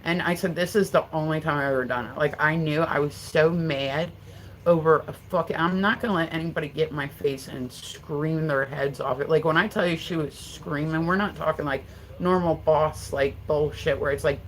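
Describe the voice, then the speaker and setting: Middle-aged female streamer, lowish voice, rambling profane chat to viewers. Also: moderate pace, slight background noise, low-quality recording. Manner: answers viewer comments aloud. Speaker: livestreamer. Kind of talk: casual live-stream chat.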